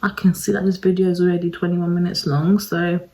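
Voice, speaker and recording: Her voice is fairly low, mellow, and level, and she talks fairly quickly. She's a beauty vlogger chatting through a casual makeup tutorial, speaking directly to viewers and making fun of herself, over poor audio.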